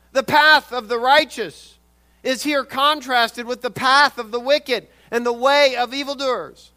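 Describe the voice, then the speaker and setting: High bright-voiced male preacher. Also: steady tone, unhurried, clear, resonant tone. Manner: swings from loud urgent emphasis to quiet intensity, repeats words. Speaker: pastor. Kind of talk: sermon.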